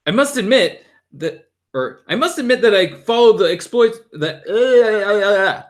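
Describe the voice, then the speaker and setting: A man's voice: high voice, animated, normal speed, voice pushed up. A man voicing a fussy, polite elderly male museum curator who talks eagerly in a raised voice.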